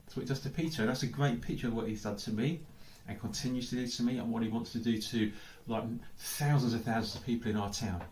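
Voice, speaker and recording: English man, pastor, preaching a sermon, thinks aloud, many questions, mid-pitched voice, echoey church hall. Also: fast talker, few pauses, a little mellow, slight background noise.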